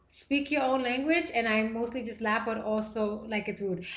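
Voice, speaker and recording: A young American woman hosting a livestream podcast, chatting casually with viewers in a playful, animated way. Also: a little high, moderate pace, few pauses. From United States. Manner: animated and playful, with gasps and bursts of laughter. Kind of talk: casual livestream chat reading viewer comments. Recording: echoey room.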